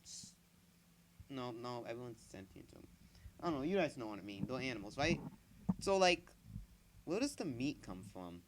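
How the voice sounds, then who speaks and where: A man's voice: medium pitch, big pitch swings, moderate pace, long pauses, background noise. A young man giving casual let's play commentary, goofy and rambling, joking at his own slips. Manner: goofy, rambling, self-mocking. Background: game music.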